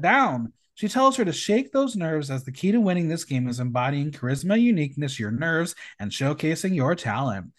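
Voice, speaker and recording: A man hosting a podcast, recapping a show in casual chat and reading out judges' comments with emphatic, campy delivery. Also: on the high side. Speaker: podcast host.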